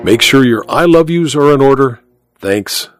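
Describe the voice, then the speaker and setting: A man narrating a first-person noir tale as the host of a story show, hardboiled and measured. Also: medium pitch, lively intonation, faint music behind.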